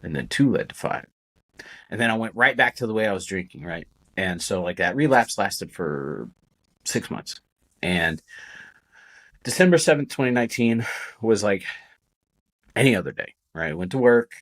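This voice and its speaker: A man's voice: on the low side, lively intonation, moderate pace, long pauses, a bit bright. A man, a podcast guest, telling his own story in a candid, casual way, swearing often and using many fillers.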